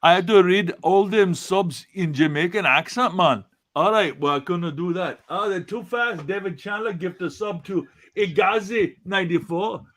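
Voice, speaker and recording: A man with a high voice co-hosting a rowdy podcast. He gets flustered and swears. He rushes through long lists of names in casual chat. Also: fairly bright tone. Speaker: podcast co-host.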